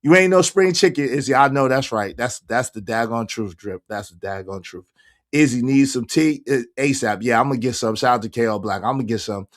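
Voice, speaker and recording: A hoarse man, hosting a casual livestream and shouting out his viewers by name. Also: mid-range voice, fairly quick. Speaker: livestream host reading chat.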